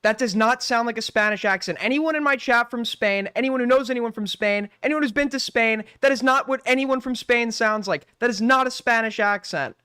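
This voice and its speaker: Profane, incredulous male streamer, crisp voice. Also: very high voice, brisk, hardly any pauses, sharp tone, dry recording, studio quality. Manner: profane, incredulous, repeats himself. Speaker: streamer host. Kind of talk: ranting commentary.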